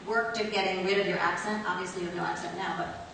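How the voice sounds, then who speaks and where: Woman, moderator, fast-paced questions, echoey hall, distant mic, audible room noise. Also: lowish voice, steady tone, vocal fry. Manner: brisk and conversational. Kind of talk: onstage interview. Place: high school auditorium.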